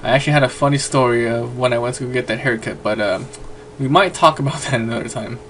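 A man's voice: mid-range voice, fast talker, fairly bright tone, a little hiss or hum. A young man talking casually in a home vlog, rambling with lots of fillers. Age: young adult. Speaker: vlogger.

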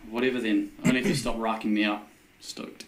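A man's voice: fairly low pitch, level tone, quick pace, roomy sound, a crowd in the background, poor audio. A man with a New Zealand accent casually explaining local slang words.

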